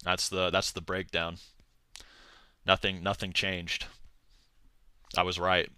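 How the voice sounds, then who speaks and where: A young man talks in a loose, rambling way on a live stream, piling on filler words and slang. His voice is bright and forward. The sound is dry and close, with almost no room around it. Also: low voice, little pitch movement, takes it slowly, clean tone, no echo. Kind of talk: casual livestream rant.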